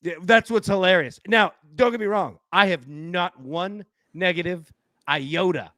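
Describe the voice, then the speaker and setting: A man's voice: high voice, unhurried, sharp tone, dry recording. A man hosting a live sports betting stream, chatting casually, joking and laughing often. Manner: laughs often, loose and joking, quotes film lines. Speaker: sports betting show host.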